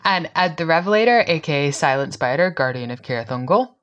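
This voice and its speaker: A woman's voice: low-pitched, animated, a little fast, a bit bright, dull audio. A woman co-hosting a podcast, chatting casually with many fillers and frequent giggles. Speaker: podcast co-host.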